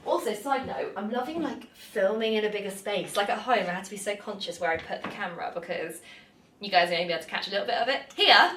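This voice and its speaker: A young British woman talks casually while she works through a cleaning job, drifting into asides and then getting back to the task. Her voice sits at an everyday middle pitch. The camera is set down in a hard-walled office, so the room rings around her, with a faint hiss underneath. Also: expressive, fast talker, a bit bright. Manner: chatty, goes off on tangents. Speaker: cleaning vlogger. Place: office building indoors. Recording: echoey room with faint noise.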